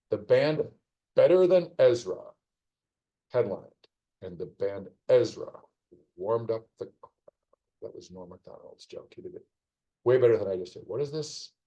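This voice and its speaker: A man's voice: on the low side, dark tone, low-quality recording. A man casually commenting on a live stream as he solves a crossword, rambling through clues with wry asides. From United States.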